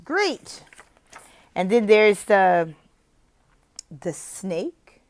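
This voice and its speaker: A woman's voice: mid-range voice, normal speed, darkish tone. Playful woman sharing classroom tips. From lives in Oklahoma, not from there. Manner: playful, laughs often, acts out classroom chants. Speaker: online teacher and video host. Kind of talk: casual teaching tips vlog.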